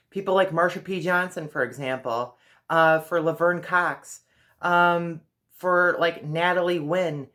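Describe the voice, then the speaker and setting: A woman's voice: low-pitched, a bit bright. A woman vlogger giving earnest, direct advice in a casual monologue.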